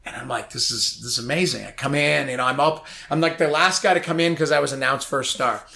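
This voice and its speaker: A man telling a long anecdote in a casual chat, animated and rambling, full of "like". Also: medium pitch, fast, creaky. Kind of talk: casual storytelling.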